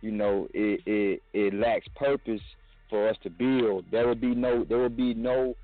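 A man's voice: lowish voice, flat delivery, a little slow, no echo. A man calling in to a talk show, speaking earnestly and reflectively, repeating words for emphasis. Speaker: caller. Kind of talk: casual phone call. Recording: dry phone line.

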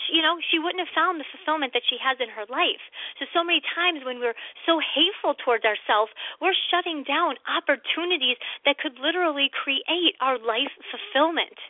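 A woman's voice: high-pitched, moderate pace, dry recording. Woman self-help expert on a radio show, pushy and encouraging, tinny phone sound. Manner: emphatic, encouraging, acts out quoted voices. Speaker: author and mental health expert guest. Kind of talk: radio interview. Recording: dry, phone-like radio line.

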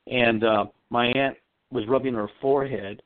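A male psychic medium on a call-in show tells a long story in a rambling, earnest, conversational manner. His middle-pitched voice comes over a thin, dry phone line, with fairly even intonation and a moderate pace. The sound is close and dead, with no room around it.

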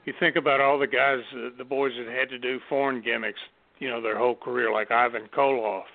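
A man co-hosting a casual talk show, rambling and halting with lots of fillers. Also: mid-range voice, little pitch movement. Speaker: co-host. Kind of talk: casual podcast chat. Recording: tinny phone-line audio.

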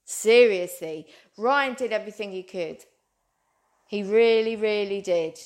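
A woman's voice: medium pitch, measured pace, a little mellow. A woman, a psychic medium, telling a long story in an earnest, rambling way and calling her listeners "guys". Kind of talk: animated storytelling.

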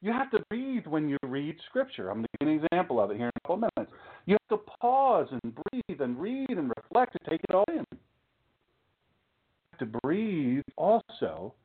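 Joking preacher on a tinny line. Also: male voice, on the high side, big pitch swings, normal speed, husky. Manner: chatty, joking asides, rhetorical questions. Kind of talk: informal sermon talk. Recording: tinny phone-like sound.

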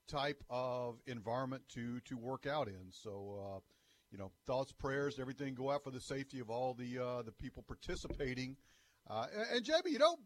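A man's voice: mid-range voice, slight background noise. A man co-hosting a sports talk radio show, telling jokey stories in casual banter. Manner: lively, jokey storyteller.

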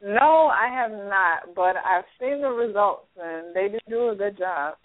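A woman co-hosting a talk radio show who shares personal stories in a soft, candid way. Her voice has a middle pitch. The sound is dry and narrow, like a phone line. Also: expressive, a little slow, no room sound. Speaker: radio co-host.

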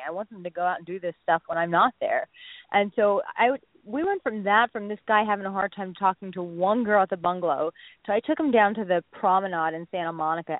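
A woman's voice: medium pitch, no room sound. Woman coach over a tinny phone line. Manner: lively anecdotal storyteller, acts out quotes. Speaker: dating coach guest. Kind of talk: radio interview, storytelling. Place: Los Angeles area. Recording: phone-line radio call.

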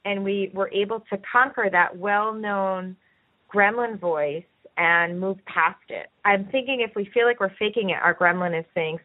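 Over tinny, thin phone-line audio, a woman who hosts a podcast and works as a coach talks earnestly and encouragingly in a conversational discussion. Her pitch is ordinary middle, her pace measured, and she stretches her thoughts into long explanations.

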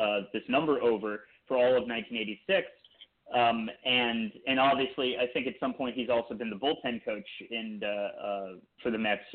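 A man co-hosting a podcast in casual chat, rambling through long points with frequent restarts. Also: medium pitch. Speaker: podcast co-host. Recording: tinny phone-like line.

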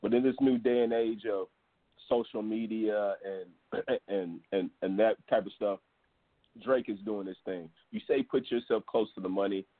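A man's voice: on the low side, fairly even intonation, normal speed, dry recording. A man on a sports talk panel giving blunt, joking opinions in casual chat. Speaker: podcast panelist. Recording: tinny phone-like sound.

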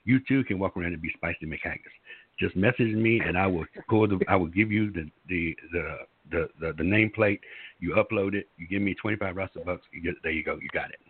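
A man's voice: sits low, fairly quick, husky, no room sound. A man co-hosting a casual online radio show, rambling and stammering playfully, heard over a phone line. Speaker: co-host.

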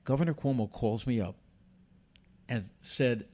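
An older man, a podcast guest telling animated stories and acting out the dialogue. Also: medium pitch, unhurried. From United States. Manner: animated storyteller who acts out quoted dialogue. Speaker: guest, former boxing commissioner. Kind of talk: casual storytelling on a podcast.

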